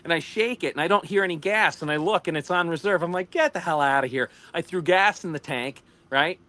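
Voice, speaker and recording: Animated storytelling man with American accent. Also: on the high side, a little fast. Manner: animated, laughs often, rambling asides. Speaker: livestream co-host. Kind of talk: casual storytelling chat.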